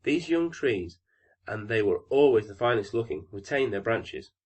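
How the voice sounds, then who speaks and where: A man narrating a classic fairy tale audiobook in a calm, even storytelling manner. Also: medium pitch, normal speed.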